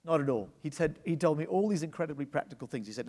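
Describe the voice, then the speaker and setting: A man's voice: fairly high pitch, lively intonation, quick pace, a little mellow. A man, an orchestra conductor, telling anecdotes in a live onstage interview at a library salon, laughing often as he talks. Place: public library salon before an audience. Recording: long reverb of a hall.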